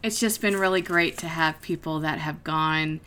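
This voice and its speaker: A woman speaking earnestly in a casual group chat, pausing often with fillers. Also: low voice, bright, forceful tone, slight background noise.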